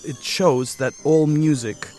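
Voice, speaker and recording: A man's voice: fairly high pitch, slow, warm tone, faint music behind. A man, a violinist guest, chatting casually in a studio interview, rambling with many fillers and self-corrections. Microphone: studio mic.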